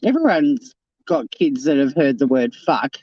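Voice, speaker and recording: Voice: medium pitch, sing-song, measured pace, breathy edge, no echo. A livestream host, chatting casually with viewers and reading chat, swearing freely and laughing often. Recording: dull lo-fi dry sound.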